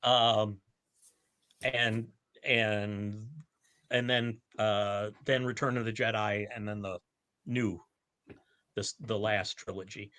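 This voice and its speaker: A man's voice: lowish voice, fairly even intonation, slow, long pauses, sharp tone, dry recording. A man co-hosting a podcast, chatting casually and animatedly about films and shows, with many restarts. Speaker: podcast co-host. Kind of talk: casual chat.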